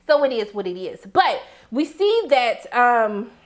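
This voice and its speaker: A woman's voice: on the high side, very animated, measured pace. A young woman giving a casual, sassy recap of a TV episode, talking back to the characters as she goes. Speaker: TV recap reviewer.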